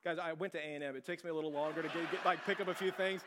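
Middle-aged male pastor, higher voice, loose self-deprecating storyteller who asks the crowd questions; reverberant church room. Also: steady tone, very fast, hardly any pauses, noisy background. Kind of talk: conversational sermon storytelling. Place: church sanctuary. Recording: long hall reverb.

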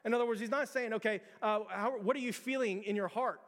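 A man's voice: high-pitched, fast talker, fairly bright tone. A man in his thirties preaching a sermon, conversational and repeating words, building to emphatic peaks. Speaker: pastor. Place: church sanctuary. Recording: long church hall reverb.

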